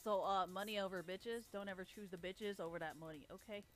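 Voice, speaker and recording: Over soft background music, a woman livestreamer rants in a blunt, sarcastic, heavily profane monologue. Her medium-pitched voice holds a steady tone and moves a little fast, and she swears constantly.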